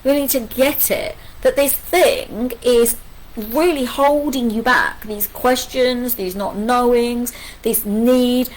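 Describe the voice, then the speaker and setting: A middle-aged woman leads a live angel card reading, her voice pitched a little high and rising and falling with lively energy. She keeps firing off rhetorical questions and friendly asides as she talks straight to her viewers. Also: takes it slowly, poor audio. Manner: animated, repeats rhetorical questions, chatty asides.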